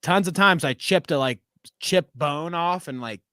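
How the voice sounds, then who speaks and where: A man chatting casually as a podcast co-host, telling animated stories with plenty of swearing and laughter. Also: fairly high pitch, a little slow, no room sound, studio quality.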